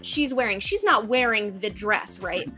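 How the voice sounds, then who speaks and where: Bright, playful woman player. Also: mid-range voice, lively intonation, faint music behind. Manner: playful and dramatic, quick laughs. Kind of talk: casual tabletop play.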